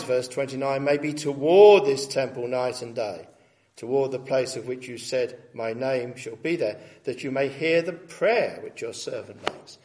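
A man preaching an expository sermon, reading scripture aloud with rising emphasis and stressing key words slowly. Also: mid-range voice, a little mellow. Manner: reads scripture aloud with rising emphasis, then comments plainly.

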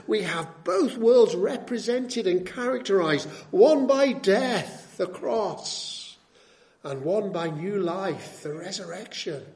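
A man delivers a sermon in a notably high voice. He is emphatic, pressing his points with rhetorical tag questions and repeating key words for weight. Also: darkish tone. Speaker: preacher.

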